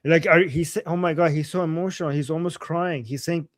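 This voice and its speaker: A man hosting a casual live stream, reacting with excitement to protest videos and translating the chants for his viewers. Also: fairly high pitch, brisk. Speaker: political commentary host. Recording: loud background noise.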